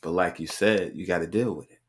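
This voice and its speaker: Interviewing a guest on his podcast, a low-voiced man talks fairly quickly in a casual, encouraging way. He keeps repeating phrases, especially affirmations such as "right."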